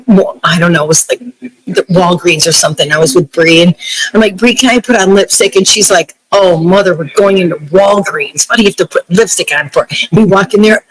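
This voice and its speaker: A middle-aged woman telling stories as a guest in a casual interview, her pitch leaping up and down as she laughs and mimics other people. The sound is dry and close, with no room around her. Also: no room sound, rough recording. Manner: animated storyteller, laughs often, acts out quoted voices. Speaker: guest, broadcast journalist. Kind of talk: casual interview chat, storytelling.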